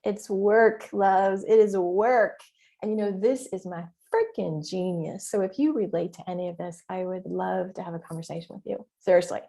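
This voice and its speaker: Mellow-voiced woman hosting a podcast. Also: mid-range voice, normal speed, gravelly. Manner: emphatic, animated, frequent mild swearing; acts out her inner voice in quoted asides. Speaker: podcast host and business mentor. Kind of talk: casual solo podcast talk.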